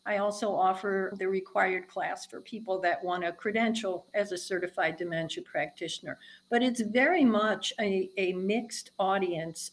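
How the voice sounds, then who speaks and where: A woman's voice: mid-range voice, poor audio. A woman who teaches dementia care, explaining her approach in an earnest, emphatic way during an interview. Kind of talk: interview conversation.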